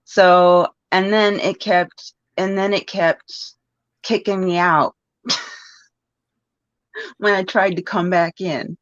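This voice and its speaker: A woman's voice: fairly low pitch, fairly even intonation, slow, long pauses, no room sound. A woman with a Virginian accent joining a livestream as a guest over a video call, chatting casually and laughing at her own tech trouble. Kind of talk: casual chat. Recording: dull lo-fi video call audio.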